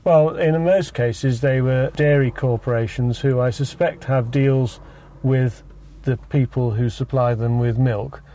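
British guy on a podcast, dry and understated, warm low-key tone. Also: fairly even intonation, a little slow. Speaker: podcast co-host. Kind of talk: casual chat.

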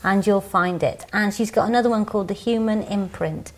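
A woman hosting a podcast, reading listener mail in a brisk, teasing manner. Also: medium pitch. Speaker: podcast host.

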